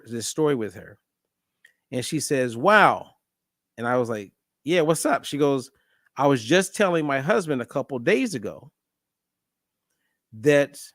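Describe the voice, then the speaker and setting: A man's voice: fairly high pitch, no echo, studio quality. A middle-aged man hosting a casual monologue, telling a story and acting out the dialogue. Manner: animated storyteller, acts out dialogue. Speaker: host.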